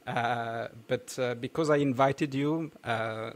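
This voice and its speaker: A man with a French accent hosting a casual podcast, halting and laughing, full of restarts. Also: medium pitch. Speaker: podcast host.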